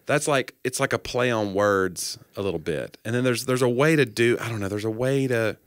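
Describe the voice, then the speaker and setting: A man's voice: mid-range voice, brisk, clear, resonant tone, no echo. A man who does stand-up, co-hosting a casual podcast with dry, wry humor. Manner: wry, dry humor, drops into quiet asides. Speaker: comedian and podcast co-host. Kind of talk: casual chat.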